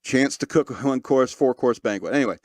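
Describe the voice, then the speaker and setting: A man's voice: mid-range voice, a little fast, no room sound. A man hosting a podcast, reading news stories aloud and breaking off into sarcastic, mocking asides. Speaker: podcast host. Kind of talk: comedic news commentary.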